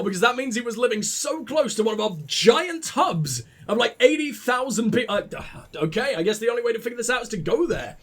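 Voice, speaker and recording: Sarcastic, high-voiced gaming commentator, a man. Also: animated, brisk, few pauses. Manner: joking, sarcastic, swears freely. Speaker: let's play host. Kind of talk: gameplay commentary.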